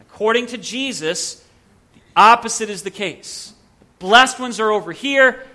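Male pastor, preaching, high bright voice, slow deliberate delivery, earnest. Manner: earnest preaching with rhetorical questions and dramatic pauses. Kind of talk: sermon.

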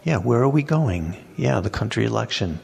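A man's voice: fairly low pitch, animated, normal speed, vocal fry, a little mellow. A man, a pastor leading an interactive Bible study, who asks the group questions and repeats their answers back to them. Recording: long reverb in a hall.

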